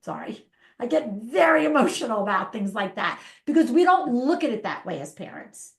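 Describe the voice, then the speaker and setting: A woman in her fifties, a parenting coach, talking as a guest in a casual interview, animated and emphatic. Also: fairly high pitch, a little fast. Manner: animated, emphatic, acts out parents and kids in quotes. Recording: echoey room.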